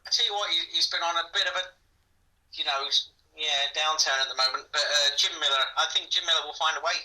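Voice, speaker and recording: A man's voice: on the high side, fast talker, sharp tone. A man co-hosting a podcast, laid-back and trailing off mid-sentence, heard over distant call audio. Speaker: podcast co-host. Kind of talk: casual fight-pick chat.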